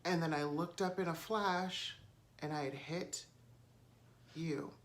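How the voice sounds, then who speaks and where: A woman's voice: sits low, steady tone, slow. A woman quoting a tearful, apologetic man. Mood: sad.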